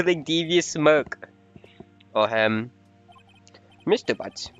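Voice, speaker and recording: A man gives casual, joking, self-mocking commentary while streaming a game. His voice is smooth and his pace slow, and the dry, slightly dull audio has faint music under it. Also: medium pitch, animated, no room sound.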